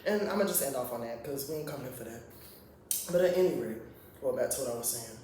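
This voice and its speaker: A man's voice: medium pitch, lively intonation, fast talker, warm tone, far from the mic, a little hiss or hum. A man giving a blunt, profane, rambling casual opinion monologue as a reality TV commentator. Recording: very echoey room, off-mic.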